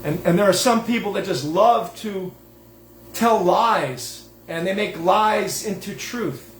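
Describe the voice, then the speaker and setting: A man's voice: high voice, slow, roomy sound, slight background noise. A man hosting his own show, giving a digressive religious monologue in a folksy, self-interrupting way. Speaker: host.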